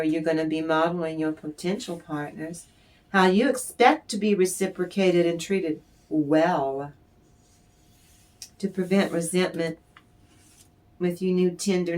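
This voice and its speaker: A woman's voice: low voice, a little mellow. A woman giving a channeled tarot reading in a blunt, emphatic way, with swearing. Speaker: tarot reader.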